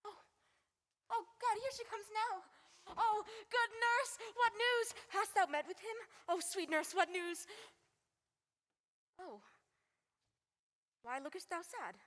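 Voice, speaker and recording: A woman's voice: high voice, expressive, moderate pace, fairly bright tone. A girl playing an impatient young girl in love. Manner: pleading, impatient. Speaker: high school stage actor. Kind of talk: school stage play. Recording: school hall reverb.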